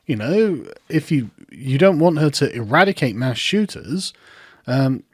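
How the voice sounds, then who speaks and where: Mocking, animated male commentator. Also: mid-range voice, unhurried, slightly rough, no echo, clean studio sound. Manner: mocking, incredulous, breaks into laughter. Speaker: online commentator. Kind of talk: sarcastic commentary.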